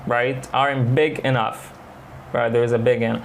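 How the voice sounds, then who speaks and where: Male English teacher, mid pitch, slow example readings, brisk asides, faint noise. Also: fairly even intonation. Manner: switches between slow English example lines and fast Arabic explanations. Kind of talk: bilingual English lesson.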